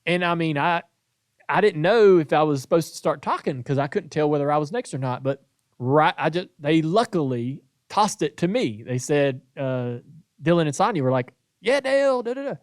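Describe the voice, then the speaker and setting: A man's voice: on the high side, normal speed, no room sound, clean studio sound. A man, hosting a podcast and telling a story in casual chat, acting out the lines he quotes. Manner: animated storytelling, acts out quoted voices. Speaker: podcast host.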